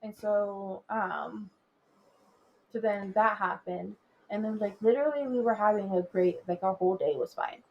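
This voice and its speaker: Husky young woman telling a story. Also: mid-range voice, moderate pace, muffled recording. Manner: rambling storytelling with many "like"s. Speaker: podcast co-host. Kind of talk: casual chat.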